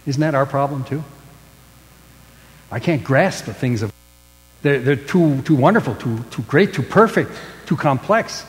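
A pastor preaching a sermon, with emphatic stresses that fall away into hushed line endings. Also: male voice, mid-range voice, lively intonation, unhurried, pauses often, in a large hall, poor audio.

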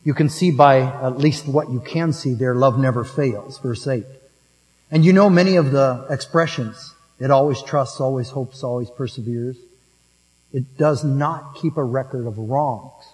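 A man preaching a sermon in a storytelling manner, moving between emphatic lines and hushed ones. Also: medium pitch, unhurried. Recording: long reverb of a large hall.

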